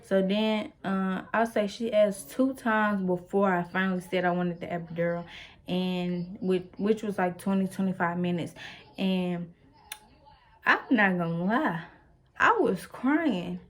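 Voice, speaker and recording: Chatty young woman, low-pitched. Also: fairly even intonation, unhurried. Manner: chatty, rambling, with many fillers; playful asides to the viewer. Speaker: vlogger. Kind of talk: casual storytime.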